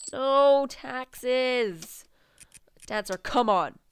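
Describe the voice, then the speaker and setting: Excitable, swearing woman playing through a game and reading its text aloud; smooth, lively voice that sits high. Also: slow pace, dry recording, faint music behind. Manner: excitable, swears freely, bursts into squeals and laughs. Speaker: let's play gamer.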